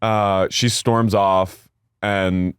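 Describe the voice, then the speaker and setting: Animated man, smooth dry voice. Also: extremely slow, no echo. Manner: animated, acts out quotes in high voices. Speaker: podcast co-host. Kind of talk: casual chat recapping reality TV.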